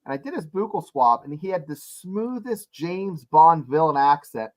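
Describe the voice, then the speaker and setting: A man's voice: on the high side, lively intonation, normal speed, darkish tone, rough recording. A man joining a podcast as a guest, joking and telling stories in casual chat. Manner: joking, storytelling.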